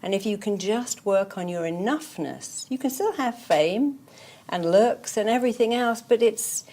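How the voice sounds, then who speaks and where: A female therapist, appearing as an interview guest, speaks emphatically and repetitively, telling stories and repeating affirmations in motivational interview talk. Her medium-pitched voice is expressive, unhurried, and mellow.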